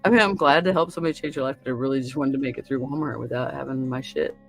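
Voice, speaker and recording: Show host, woman with a gravelly, low-pitched voice, crude and laughing, acting out lines, faint music underneath. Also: racing, poor audio. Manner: crude, laughing storyteller who acts out other people's lines. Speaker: podcast host. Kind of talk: casual chat.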